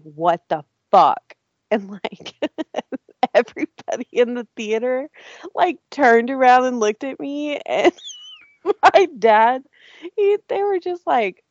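A woman's voice: mid-range voice, dry recording, highs cut off. A woman telling a story animatedly in casual chat and swearing often.

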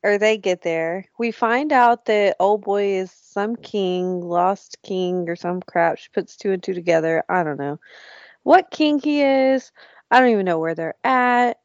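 A woman's voice: medium pitch, unhurried, dry recording, muffled recording. A woman co-hosting a podcast, casual and laid-back, with short replies and some swearing. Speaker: podcast co-host. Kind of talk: casual chat.

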